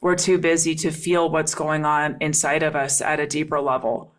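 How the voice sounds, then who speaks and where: A woman's voice: sits low, flat delivery, normal speed. A middle-aged woman hosting a solo podcast as a relationship coach, talking earnestly and repeating key phrases for emphasis.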